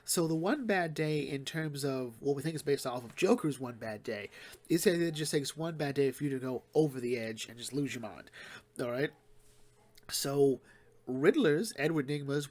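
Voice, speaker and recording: A man talks through a comic book review in a loose, unscripted way. His voice sits at an ordinary middle pitch. He rambles, restarts sentences and hurries through plot summaries. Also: darkish tone. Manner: rambling, retells plots quickly with fillers and restarts. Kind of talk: casual solo commentary.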